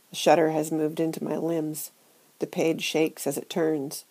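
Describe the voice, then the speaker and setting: A woman reading a first-person novel aloud in a hushed, intimate, measured way. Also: sits low, monotone, rough recording. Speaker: audiobook narrator. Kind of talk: first-person literary narration.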